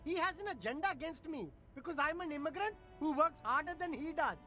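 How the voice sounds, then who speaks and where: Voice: high-pitched, animated, brisk, bright, forceful tone, soft background music. A voice actor playing a defensive, boastful street vendor in a video game who keeps dodging questions with rambling denials. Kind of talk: game voice acting.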